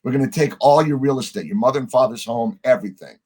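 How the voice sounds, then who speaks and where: A middle-aged man, a podcast guest, telling a story in a lively way, acting out the lines of the people in it and swearing casually. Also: medium pitch, fast talker, slightly rough. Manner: animated storyteller, acts out quoted dialogue, swears casually.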